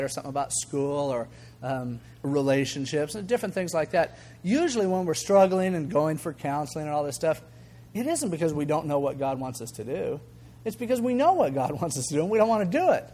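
Older man, pastor, conversational sermon, fairly high voice, acts out voices in stories. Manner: conversational, animated, acts out quoted voices, chuckles. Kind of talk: sermon with storytelling.

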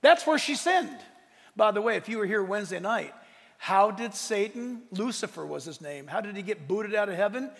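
A high-pitched man preaches with a lively, swooping delivery, mixing jokes into the sermon. His voice has a gravelly edge, and a long hall reverb trails each phrase. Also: moderate pace. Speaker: pastor.

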